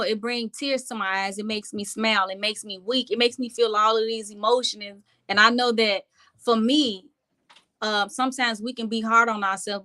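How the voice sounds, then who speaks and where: A woman's voice: on the high side, bright, forceful tone. A woman vlogger talking casually and reflectively to her viewers on a live stream, speaking to them directly from home.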